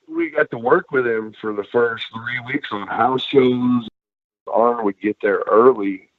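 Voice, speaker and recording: A man's voice: on the low side, no room sound. A man, a former wrestler, telling road stories as a podcast guest, cursing freely and acting out what others said. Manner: profane, animated storyteller, acts out quotes. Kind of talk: casual storytelling interview. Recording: dry, phone-like narrow sound.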